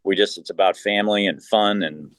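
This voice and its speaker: A man with a very deep voice tells a long anecdote as an interview guest, often repeating words as he builds the story. His voice sounds close and dry, with no reverb. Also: a little fast, fairly bright tone. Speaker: team executive, interview guest.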